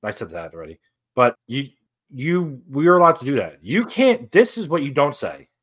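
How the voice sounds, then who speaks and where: Huge pitch swings mark this young man's mid-range voice, which is a bit bright and slightly rough, at a moderate pace. A podcast co-host from the New Jersey or New York area with a matching accent, he engages in casual, profane, joking banter.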